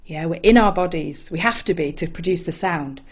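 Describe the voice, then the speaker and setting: A woman with an English accent leading an online singing session from home, gentle and encouraging, with reflective mindful asides. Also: fairly low pitch, brisk. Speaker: choir leader.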